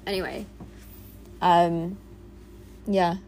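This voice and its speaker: A woman's voice: fairly low pitch, level tone, drawn-out words, a little mellow. A woman in her thirties rambling candidly in a reflective casual monologue, swearing freely and saying "like" a lot. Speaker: vlogger. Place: on a boat in a small village.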